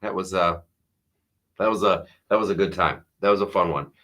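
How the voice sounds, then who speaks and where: A man's voice: low-pitched, fairly even intonation, normal speed, bright, forceful tone. A middle-aged man hosting a comedy podcast, rambling sarcastically through a casual monologue with frequent restarts.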